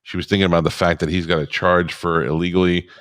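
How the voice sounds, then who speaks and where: A man's voice: low-pitched, flat delivery, fast talker, dry recording, clean studio sound. A man co-hosting a podcast in casual chat, blunt and telling stories with acted-out dialogue. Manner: blunt, storytelling with reenacted dialogue. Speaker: podcast co-host.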